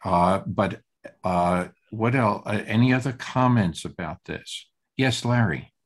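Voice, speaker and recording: An older man leading a group text study, talking haltingly with many fillers and restarts. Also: fairly low pitch.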